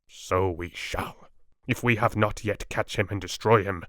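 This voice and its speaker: A man reading a wise, earnest elderly Dutch professor in an audiobook, speaking in broken, measured English. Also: lowish voice, fairly even intonation, a bit bright, no room sound, studio quality. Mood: grave. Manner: broken, foreign-sounding English phrasing, grave and measured.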